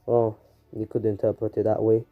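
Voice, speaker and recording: A man voicing a listless, depressed teenage boy ninja in a fan story, in a flat and weary way, with soft faint music behind. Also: fairly low pitch, moderate pace, narrow, tinny audio.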